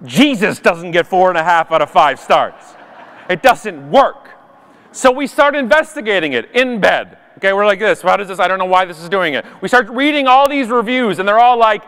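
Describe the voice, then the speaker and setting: A man giving an animated, jokey conference keynote from a stage. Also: high-pitched, moderate pace, smooth. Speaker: conference speaker. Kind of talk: keynote talk. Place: large conference hall. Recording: long hall reverb.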